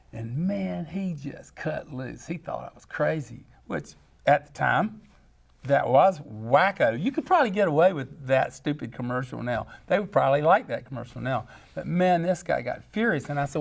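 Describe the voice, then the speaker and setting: A man, a guest jingle composer, telling lively stories with frequent laughs and acted-out voices. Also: on the high side, moderate pace, gravelly. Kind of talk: animated storytelling.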